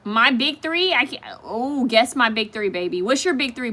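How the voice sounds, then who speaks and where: A woman's voice: sits high, very animated, normal speed, few pauses, sharp tone. A woman hosting a casual live stream, chatting straight to her viewers and reacting to their comments as they come in.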